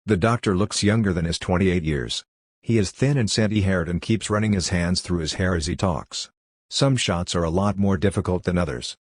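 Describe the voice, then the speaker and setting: Low-voiced guy reading a book aloud, even and measured, dry close sound. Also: dry recording. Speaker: narrator. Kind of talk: audiobook reading.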